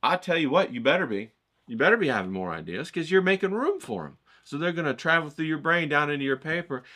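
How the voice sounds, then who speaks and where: Excitable, profane man teaching a class. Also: a little high, quick pace. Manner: loud, profane, goes off on tangents; excitable, keeps saying "okay?" and "bro". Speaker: art course instructor. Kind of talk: casual, rambling video lesson.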